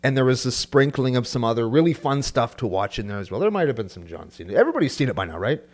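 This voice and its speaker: A man's voice: medium pitch, fast talker. A man co-hosting a casual podcast chat, telling stories and acting out funny quoted lines. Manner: lively storyteller, acts out scenes with funny quoted voices. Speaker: podcast co-host.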